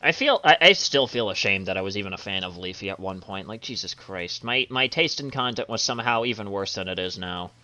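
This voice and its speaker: A man's voice: lowish voice, expressive, brisk, few pauses, bright, forceful tone, dry recording, soft background music. Sarcastic man on a dull lo-fi mic. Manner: crude, sarcastic, laughs often. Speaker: stream host. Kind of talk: casual commentary stream chat. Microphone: low-quality mic.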